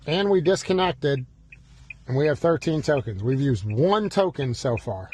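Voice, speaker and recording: A slightly higher-voiced man walks through programming car keys from the driver's seat, narrating every button press. He breaks into playful, fretful exclamations as if panicking. A faint hiss of noise sits under the recording. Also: expressive, a little slow, darkish tone. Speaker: automotive locksmith demonstrating key programming. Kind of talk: hands-on demonstration with mock panic. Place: inside a car.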